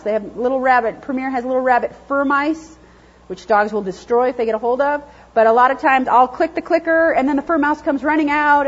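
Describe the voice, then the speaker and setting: A woman lecturing a class on dog training, lively and chatty, acting out what dogs think. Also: sits high, slightly rough. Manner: lively, chatty, acts out dogs' thoughts in silly voices. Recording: dull, lo-fi classroom recording.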